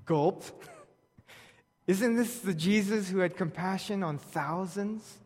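A man preaching a sermon, telling a scripture story with wry humor and reading verses aloud. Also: fairly high pitch. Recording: long reverb of a large hall.

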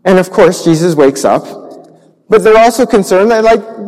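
A pastor telling a Bible story to children in church, animated, acting out sound effects. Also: male voice, high voice, normal speed. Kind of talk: children's sermon. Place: church sanctuary. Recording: long church reverb.

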